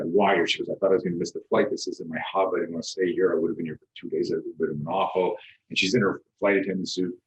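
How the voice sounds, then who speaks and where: A middle-aged man with a low voice tells a story with animated energy. He acts out both sides of a conversation and restarts his sentences often. He talks as a self-defense instructor who is a guest on the show. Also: rough recording. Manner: animated, acts out quoted dialogue, frequent restarts, swears.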